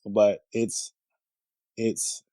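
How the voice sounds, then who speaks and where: A man's voice: on the low side, flat delivery, very slow, mellow, dry recording, poor audio. A man co-hosting a podcast in casual chat, talking in a loose, rambling way with lots of "dude" and "I don't know.". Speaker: podcast co-host.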